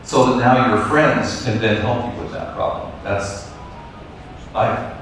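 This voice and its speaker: A man's voice: mid-range voice, unhurried, slight background noise. Guy giving a talk to teachers, easygoing, sounds far off in a big echoey hall. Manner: relaxed, encouraging, plainspoken. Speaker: lecturer leading a teacher workshop. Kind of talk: conversational lecture with audience questions.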